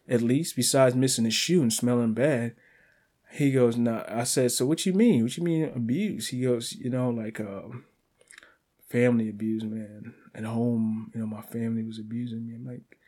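A man with a New York accent hosting a podcast, telling a rambling story in a casual way and getting animated when he quotes people. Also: mid-range voice, a little slow, husky. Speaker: podcast host.

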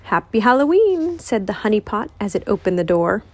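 A woman reading a children's picture book aloud as host of a reading channel, in an expressive, lilting voice. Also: mid-range voice, fairly quick.

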